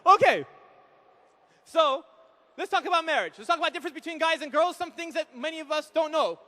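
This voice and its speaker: A man in his thirties doing animated stand-up comedy, acting out quick voices of husbands and wives on a live hall mic. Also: very high-pitched. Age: 30s. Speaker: comedian speaker at an event. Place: large hall with an audience.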